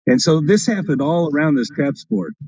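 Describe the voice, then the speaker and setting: A man's voice: on the high side, lively intonation, normal speed, a little mellow, breathy edge, no echo. A man casually telling rambling anecdotes on a live stream, often checking in with "right?". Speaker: craps streamer guest. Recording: lo-fi stream audio.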